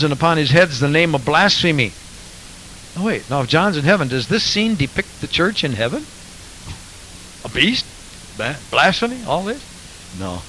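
A man delivers a sermon in a bright, forceful voice pitched a little high. He reads scripture aloud and drives home each point with pointed rhetorical questions. A faint hiss sits under the recording. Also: poor audio. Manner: emphatic, rhetorical questions, quotes scripture in King James wording. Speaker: preacher.

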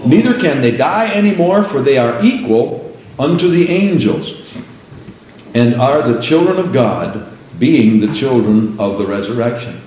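Older preacher in a booming echoey church. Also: male voice, expressive, darkish tone, a little hiss or hum. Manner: preaching with chanted, sung prayer and rising, drawn-out praises. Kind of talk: sermon.

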